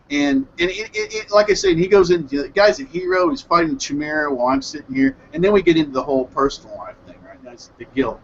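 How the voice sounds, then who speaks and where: A man hosting an online hangout, excitedly recapping an anime episode in a rambling, self-correcting way over a headset mic on a video call. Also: high voice, quick pace, vocal fry, hardly any pauses, lo-fi sound, slight background noise. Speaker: hangout host reviewing anime. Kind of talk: casual group hangout chat.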